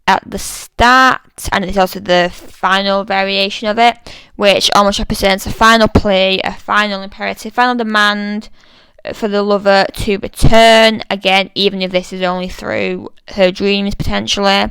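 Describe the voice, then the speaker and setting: British woman chatting through a poem analysis, really smooth voice, dry close sound. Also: mid-range voice, flat delivery, measured pace, fairly bright tone, dry recording, poor audio. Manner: thoughtful, chatty, many fillers. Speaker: literature explainer. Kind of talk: casual poetry analysis.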